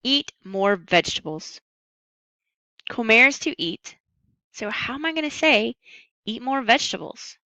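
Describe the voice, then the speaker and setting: A woman with a bright, clear voice walks students through a recorded lesson. She stays patient and upbeat and slows right down on the Spanish words. The sound is dry and close. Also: medium pitch, no room sound, lo-fi sound. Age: adult. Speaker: Spanish teacher.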